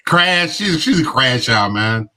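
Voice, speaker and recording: A man co-hosting a casual sports chat, dropping quick teasing quips. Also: mid-range voice, lively intonation, pushed and bright. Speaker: sports podcast co-host.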